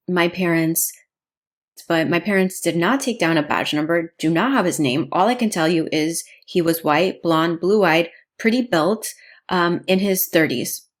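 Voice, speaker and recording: Young woman vlogging, kinda low voice, earnest and fired up telling a story. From United States. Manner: earnest, indignant, emphatic. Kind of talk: emotional personal storytelling.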